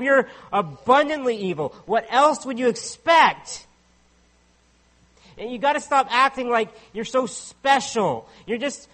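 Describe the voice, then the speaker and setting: A preacher putting on a scolding, preachy old accuser. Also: male voice, very high-pitched, bright, forceful tone, voice pushed up, full character voice. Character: stern accusing older male friend of Job.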